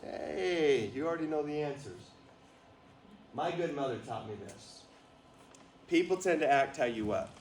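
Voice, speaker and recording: A man's voice: fairly high pitch, a little slow, pauses often, distant mic. Male motivational speaker, storytelling, calls for audience answers, room echo. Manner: lively, asks the audience to call out answers. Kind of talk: storytelling talk to a live audience. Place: retreat meeting room with a small audience.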